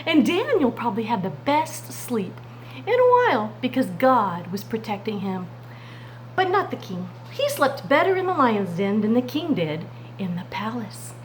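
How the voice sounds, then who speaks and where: A woman Sunday school teacher telling a Bible story to children in an expressive way. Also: fairly high pitch, moderate pace, a little hiss or hum, low-quality recording. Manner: expressive, warm addresses to "friends".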